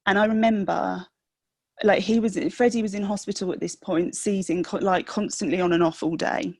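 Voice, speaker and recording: A young woman, a podcast guest, telling the story of her sick child in a halting, emotional way with many restarts. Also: medium pitch, steady tone, no room sound. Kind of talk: personal storytelling in a podcast interview.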